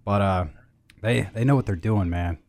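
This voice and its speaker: A man hosting a beer podcast in casual chat, rambling with restarts and fillers and jumping up and down in pitch and loudness. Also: moderate pace.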